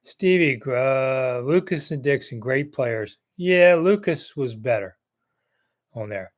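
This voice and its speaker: A man in his sixties from the Maryland area hosts a casual sports live chat, answering viewers in a rambling, chatty way with jokey asides. His mid-range voice is animated and slow.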